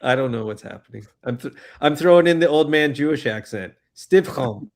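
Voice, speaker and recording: A man's voice: mid-range voice, expressive, fairly quick. Joking, loose-talking male livestream host. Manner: loose, joking, swears often. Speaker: livestream host reading chat. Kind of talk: casual chat.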